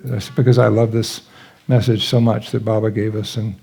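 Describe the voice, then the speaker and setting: An older man speaks to a gathered audience in a gentle, halting way, pausing often as he searches for words. His voice is low-toned and husky, with a gravelly edge and little brightness. He shares his memories in a reflective, unhurried style. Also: little pitch movement. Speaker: guest speaker at a spiritual gathering. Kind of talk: reflective talk with personal stories. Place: live talk to a gathered audience.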